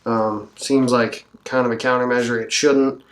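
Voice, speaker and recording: Male luthier, mid-pitched, relaxed demo voice, thinks aloud as he works, slight background hiss. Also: normal speed. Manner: relaxed, thinking aloud while working, with fillers. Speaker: guitar builder demonstrating a setup. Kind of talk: hands-on instructional walkthrough.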